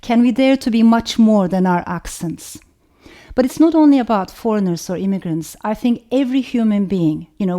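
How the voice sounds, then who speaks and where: Turkish-accented woman author, mellow voice, measured reflective talk. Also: mid-range voice. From Turkey. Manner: thoughtful, measured, often says "you know".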